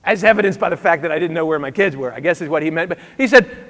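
A man's voice: sits high, expressive, normal speed, pauses often, fairly bright tone, big-room sound. A man in his thirties, a pastor telling a story in a sermon, conversational with wry asides.

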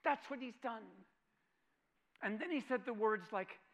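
High, bright-voiced man preaching a sermon. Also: unhurried. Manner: dramatic swings from loud proclamation to hushed near-whisper; repeats phrases for emphasis and asks the audience questions.

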